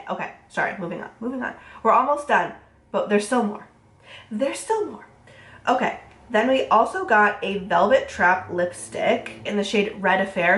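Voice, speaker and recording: A woman's voice: mid-range voice, a bit bright, slight background noise. A young woman, nasal from a cold, chatting casually through a makeup review full of fillers. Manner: chatty, fast, filler-heavy. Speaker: beauty vlogger. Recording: roomy echo.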